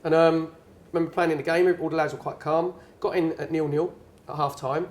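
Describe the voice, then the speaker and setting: In a voice on the high side and fairly quick, a middle-aged man from England tells a drawn-out anecdote as the guest speaker at a networking event, standing in the bar. The ex-footballer and pundit is chatty and animated, playing out people's lines.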